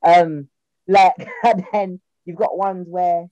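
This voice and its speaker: A young woman from South London tells stories in a low, mellow voice, acting out the people she quotes. Her South London accent runs through the relaxed chat. The sound is dry and a little dull. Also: slow, dry recording. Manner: animated storyteller, acts out quotes in voices. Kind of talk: casual chat.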